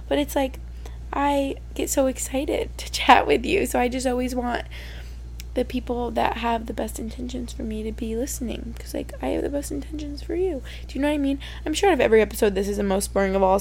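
Chatty young woman with a gravelly edge. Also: sits high, a little mellow. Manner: chatty, emotional, fillers of "like". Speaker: podcast host. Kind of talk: casual solo podcast chat.

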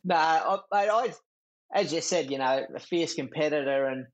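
Brief: middle-aged Australian bloke, a touch high-pitched, rambling and laughing as an interview guest. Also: male voice, normal speed, lo-fi sound. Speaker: guest, former jockey. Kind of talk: casual chat.

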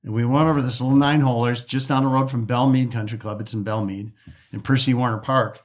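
This golf course architect from the Detroit area recounts stories in a casual interview, restarting often and voicing quoted lines dramatically. He talks fast in a mid-range voice with fairly even intonation.

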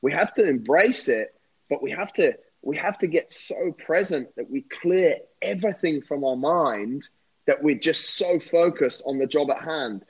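Animated man, lo-fi sound. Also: a little high, a little slow, slightly rough. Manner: animated, repeats words when excited, says "mate". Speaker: podcast guest, former rugby player and endurance athlete. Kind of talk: casual conversational storytelling.

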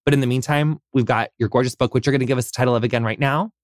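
An American podcast host interviews a guest, gushing and effusive, with plenty of fillers and casual swearing. His voice is medium-pitched and steady in tone, delivered rapid-fire in studio quality with no room sound.

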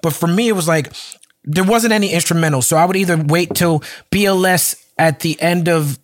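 Male host, fairly high voice, relaxed, agreeable, dry close recording. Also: brisk, no room sound. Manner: relaxed, agreeable, frequent backchannels. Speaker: host, rapper. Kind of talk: casual conversation.

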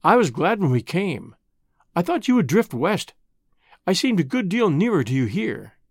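Man doing a gentle loving mom, soft voice that swings all over, storybook reading. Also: high-pitched, big pitch swings, normal speed, slightly rough, dry recording, clean studio sound, heavily acted. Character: tender devoted mother, gentle and determined.

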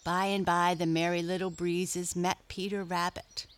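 Woman narrator, gentle storybook read, slow, slightly low pitch. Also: level tone.

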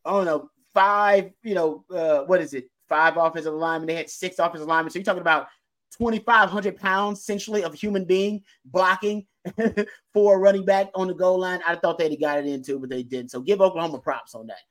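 A man co-hosting a football podcast, talking in an emphatic, animated way and laughing easily. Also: high voice, a little fast. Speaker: podcast co-host, football analyst. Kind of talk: casual sports talk.

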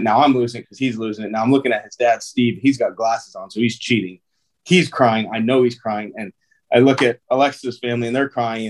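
A man with a lowish voice tells long stories as an interview guest. He talks loosely and casually, leaning on filler words and "dude" as he goes. The feel is relaxed and conversational. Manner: loose and chatty, full of "um", "like" and "dude". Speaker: guest, pro baseball player.

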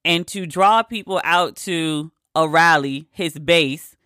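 Her voice is deep and a little bright, recorded at studio quality with no room sound. She delivers an opinionated, casual rant, profane and exasperated, driving her points home through emphatic repetition.

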